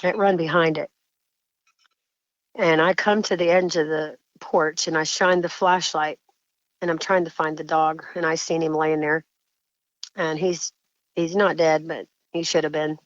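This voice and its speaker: A woman caller telling a frightening encounter story in a shaken, halting way, often breaking off and restarting sentences. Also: sits low, steady tone, no echo, highs cut off. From Indiana.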